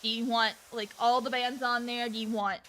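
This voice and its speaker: A VTuber with a high, bright voice chats casually while playing on stream, telling a rambling story packed with fillers and restarts. She imitates the people she quotes, keeping her pitch fairly flat and her pace moderate over slight background noise.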